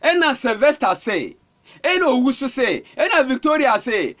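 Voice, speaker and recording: A man with a Ghanaian accent preaching with fervour. His voice sits very high and swings widely up and down as he repeats himself and calls out. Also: big pitch swings, measured pace, a bit bright. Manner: fervent, repetitive calling out. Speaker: pastor. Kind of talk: sermon.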